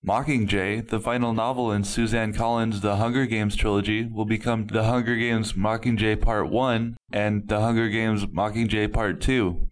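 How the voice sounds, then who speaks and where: A man reporting scripted news stories with a plain, steady delivery. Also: lowish voice, moderate pace, hardly any pauses, poor audio.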